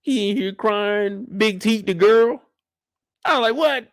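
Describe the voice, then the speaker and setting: A young man, recapping a TV episode alone in loud, slangy, excitable storytelling with acted-out reactions. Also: high-pitched, measured pace, dry recording, clean studio sound. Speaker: show recap host. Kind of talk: animated solo recap of a TV episode.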